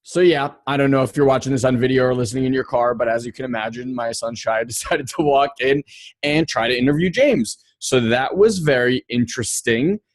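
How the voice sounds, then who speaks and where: A man's voice: medium pitch, a little fast, no echo. A man hosting a podcast, talking in a friendly, upbeat way. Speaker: podcast host. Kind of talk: casual podcast outro.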